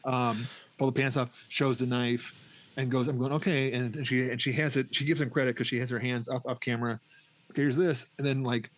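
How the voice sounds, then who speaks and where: Fast-talking middle-aged man rambling about a film. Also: medium pitch, fairly even intonation. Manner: rambling, restarts often, acts out scenes. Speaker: podcast co-host. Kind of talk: casual film review chat.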